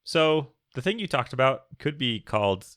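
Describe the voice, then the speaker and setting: A man's voice: mid-range voice, sing-song, moderate pace, a bit bright, dry recording, studio quality. A man co-hosting a casual podcast, joking around and reading listener questions aloud. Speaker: podcast co-host.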